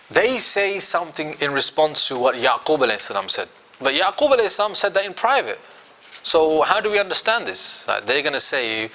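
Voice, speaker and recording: Animated man teaching a class. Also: mid-range voice. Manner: animated, quizzes students, acts out quotes. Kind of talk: Quran commentary class.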